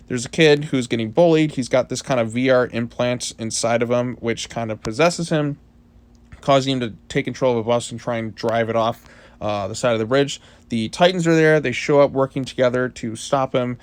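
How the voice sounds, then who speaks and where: Casual rambling male comic reviewer. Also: medium pitch. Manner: rambling, filler-heavy, casual.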